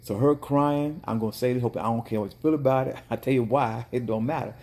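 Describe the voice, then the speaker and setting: A man who runs a dessert cart, telling a chatty, animated story in a casual vlog. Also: mid-range voice, quick pace. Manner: animated, chatty storyteller with bursts of mock outrage.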